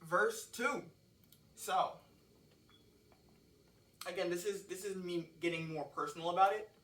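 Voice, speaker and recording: A man loosely walks through the meaning of his own song lyrics, rambling and swearing freely. He recorded at home with a cheap microphone plus a laptop and phone, the mic set far off in an echoey room. His high-pitched, slightly bright voice holds a steady tone at an unhurried pace.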